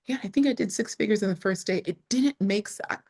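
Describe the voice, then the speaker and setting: A woman being interviewed, telling her story in a casual, expressive way with lots of fillers, sometimes close to tears. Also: medium pitch, fast, breathy edge. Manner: expressive, frequent "like" fillers, rises sharply when excited. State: emotional, near tears at times. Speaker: entrepreneur guest.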